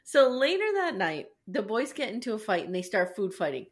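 Animated woman recapping with laughter. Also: medium pitch, fairly quick. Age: adult with children. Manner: animated, laughing, profane storytelling. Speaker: podcast co-host recapping a show. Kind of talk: casual chat.

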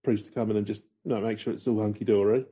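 A man's voice: lowish voice, fairly even intonation, rapid-fire, mellow, slightly rough, highs cut off. A man co-hosting a podcast with a slight frog in his throat, telling stories in a wry, sardonic way. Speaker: podcast co-host. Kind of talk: casual banter.

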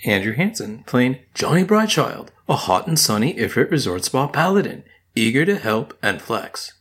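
A man's voice: medium pitch, big pitch swings, moderate pace, a bit bright, husky. A man joking playfully and laughing often as a player in a tabletop actual-play show. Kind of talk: casual actual-play banter.

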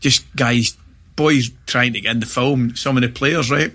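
A middle-aged Scottish man chatting as a guest, spinning animated anecdotes. His voice is bright and forward with a husky edge. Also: mid-range voice, normal speed. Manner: animated anecdotes with laughter and acted-out shouts. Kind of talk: storytelling in casual chat.

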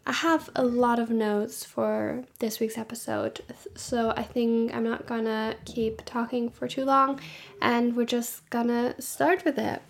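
A woman's voice: on the high side, gravelly, slight background noise. A young woman hosting her own podcast, chatting casually and rambling a little, sounding tired, recorded at home. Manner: rambling, tired, with frequent ums and soft laughs. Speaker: podcast host. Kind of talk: casual solo podcast chat. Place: home room with noisy activity below.

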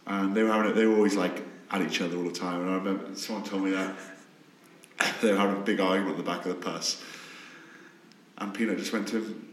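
A man in his thirties banters on a podcast, teasing his friend and tossing in quick remarks. His voice sits on the low side. There is an echoey room around him. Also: steady tone, slight background noise. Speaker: podcast co-host. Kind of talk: casual chat.

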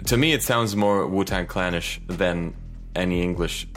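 Guy with a lowish voice running a quiz on a podcast, giggly, trips over words, faint music under it. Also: moderate pace, fairly bright tone. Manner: laughs often, hesitant restarts. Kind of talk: casual quiz chat.

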